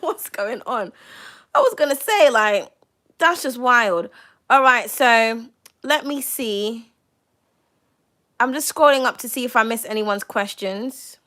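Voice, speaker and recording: A woman giving a live-stream tarot reading, chatty and excitable, swearing freely. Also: high-pitched. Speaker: tarot reader.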